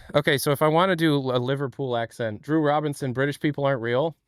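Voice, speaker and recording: A man's voice: medium pitch, fairly quick, clear, resonant tone, no room sound, clean studio sound. A young man from Ohio, chatting on a livestream in a rambling, self-deprecating way. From Ohio, USA. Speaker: streamer. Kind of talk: casual livestream chat.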